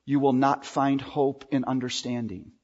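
A male pastor preaching a sermon in an emphatic way, drawing out key words with pauses. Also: mid-range voice, flat delivery, darkish tone. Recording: dull recording with long hall reverb.

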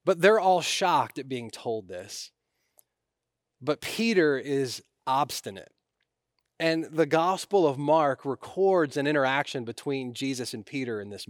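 A man's voice: mid-range voice, dry recording. Earnest male preacher, dry close sound. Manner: earnest, rising in force on key lines and dropping to a hush. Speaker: pastor. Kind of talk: sermon.

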